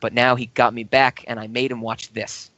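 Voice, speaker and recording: A man's voice: medium pitch, little pitch movement, moderate pace, pushed and bright, dry recording, muffled recording. A man co-hosting a casual film podcast, rambling and teasing his co-host.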